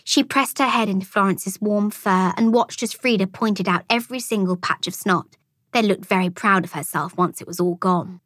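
A woman reading a children's storybook aloud as an audiobook narrator, with expressive storytelling. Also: medium pitch, moderate pace, no echo, clean studio sound. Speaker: audiobook reader.

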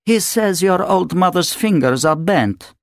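A man's voice: sits high, lively intonation, unhurried, no room sound, studio quality, voice pushed up. A man voicing a cool, contemptuous mother who talks down to everyone around her. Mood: scornful. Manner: contemptuous, haughty. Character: cool, scornful woman, a mother.

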